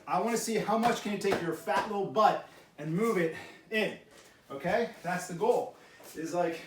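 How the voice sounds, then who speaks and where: A man leads a karate workout, giving brisk tips and short barked commands. His voice sits a little high and carries through a roomy hall. He is picked up from a distance with faint background noise. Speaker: karate instructor. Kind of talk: coaching a workout class. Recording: echoey room, mic far off.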